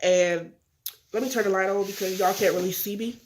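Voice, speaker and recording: Speaking briskly in a medium-pitched voice over a noisy background, a young woman of eighteen vlogs candidly and earnestly about her life. She's upset but fighting back tears, addressing viewers directly and acting out phone calls in this casual confessional.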